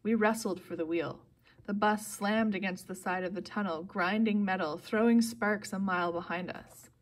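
A woman's voice: fairly even intonation, moderate pace. Woman reading a novel aloud. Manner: reads steadily, voicing characters with louder, higher bursts. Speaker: audiobook reader.

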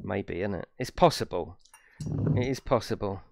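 A man's voice: lowish voice, moderate pace, vocal fry, no room sound, studio quality. A middle-aged British man chatting casually while streaming a game with his son. He laughs often and talks things over as he plays. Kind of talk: casual live-stream chat.

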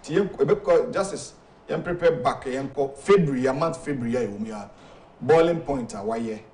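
A man's voice: medium pitch, normal speed, a little mellow, echoey room. A Ghanaian man co-hosting a talk show, telling events in a loose, rambling way. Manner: loose, rambling retelling with code-switching. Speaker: co-host. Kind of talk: casual talk show chat.

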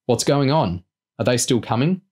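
A man voicing an exasperated woman intelligence officer who shouts her warnings insistently, in an audiobook reading. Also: medium pitch, lively intonation, normal speed, pitched above the performer's own voice, close to an everyday voice. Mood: urgent, firm.

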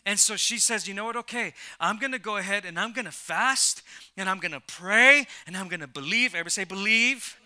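A man preaching to a church congregation in a high, ringing voice with a very bright, forward tone. He prompts the crowd to repeat lines after him, often restarting his phrases and swinging from soft asides to loud calls. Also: fairly quick. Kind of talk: energetic sermon with call and response. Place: church service before a congregation.

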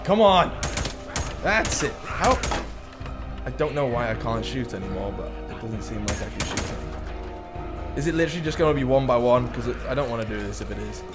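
A young man giving excitable live gameplay commentary, often breaking into shouts and laughter. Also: mid-range voice, fairly quick. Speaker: gaming YouTuber. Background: loud game music and gunfire.

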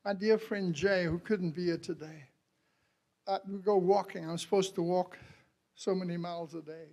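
A man preaching a sermon as a missionary. He talks to the congregation and calls out to them, moves from quiet lines to loud cries, and laughs often. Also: sits high, fairly even intonation, moderate pace, gravelly.

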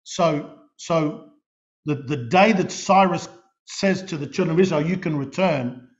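A middle-aged Australian man preaching a sermon, telling stories in an animated way and often restarting and repeating his words. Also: a little high, a little slow. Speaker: pastor. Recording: dull lo-fi recording.

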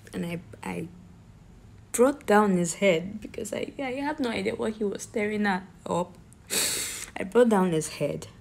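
Woman talking real slow, stumbles and repeats herself, sounds hurt and accusing. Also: mid-range voice, gravelly, darkish tone. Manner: halting, repeats words, pleading and accusing tone. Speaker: grieving daughter telling her story. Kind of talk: emotional personal account.

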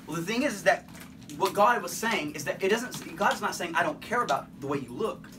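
A man's voice: high-pitched, animated, fairly quick, music in the background. Playful man teaching a Bible lesson, miked from afar. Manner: playful, joking asides. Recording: distant mic with noisy background.

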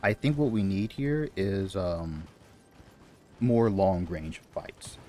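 A man commentating live on his own gameplay, excitable, repeating phrases and swearing at the enemies on screen. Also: low voice, slow pace, soft background music. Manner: excitable, repeats himself, swears and laughs at the game. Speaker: gamer.

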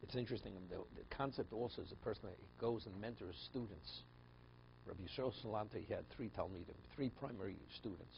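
A man's voice: lowish voice, quick pace, vocal fry, a little hiss or hum. A man, a rabbi, teaching a text study class, explaining passages phrase by phrase and telling stories in a conversational way with frequent restarts. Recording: dull lo-fi class recording.

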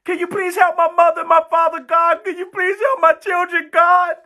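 A woman's voice: extremely high pitch, little pitch movement, normal speed, sharp tone, voice pushed up. A woman preacher voicing a desperate sinner who begs God for help, stammering and pleading.

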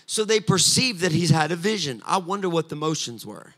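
Bright-voiced preacher in full flow. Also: male voice, on the high side, expressive, fairly quick. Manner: builds from quiet, conversational asides to loud, sing-song preaching. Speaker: pastor. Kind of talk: sermon. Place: church sanctuary.

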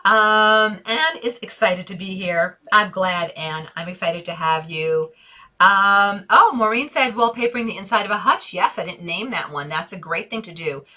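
Bright-voiced chatty design host. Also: female voice, mid-range voice, lively intonation, normal speed. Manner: chatty, reads viewer comments aloud and answers them. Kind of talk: casual Facebook Live chat. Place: home office desk.

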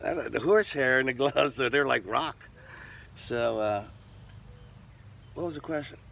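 An older man telling a profane, animated story in an interview, punctuating it with sound effects. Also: mid-range voice, unhurried, creaky, a little hiss or hum.

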